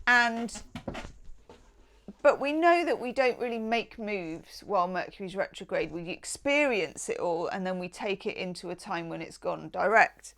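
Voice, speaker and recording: A woman's voice: medium pitch, animated, unhurried, fairly bright tone. A woman giving a tarot reading in a casual, enthusiastic and affectionate way, with chatty asides. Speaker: tarot reader.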